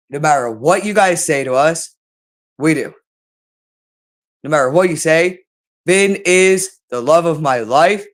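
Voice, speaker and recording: A woman hosting her own channel, ranting unscripted to camera in an agitated, repetitive way with heavy swearing. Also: sits low. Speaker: channel host.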